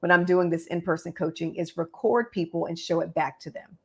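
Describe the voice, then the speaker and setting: A woman media coach and author, a guest on an interview show over a video call, explaining in a measured, authoritative tone. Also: on the low side, fairly even intonation, husky. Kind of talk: interview conversation.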